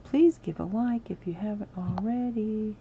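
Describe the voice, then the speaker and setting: A woman's voice: mid-range voice, moderate pace, narrow, tinny audio, slight background noise. A woman hosting a live game stream, chatting casually and apologetically with her viewers and breaking into sudden exclamations. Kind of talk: casual livestream chat while building in a game.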